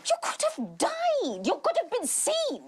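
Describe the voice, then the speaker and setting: High, swooping doting film mum who scolds and coos. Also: female voice, huge pitch swings, a little slow, noisy background, full character voice. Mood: fussing. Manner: bustling, alternately scolding and cooing. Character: fussy, scolding, doting middle-aged mother.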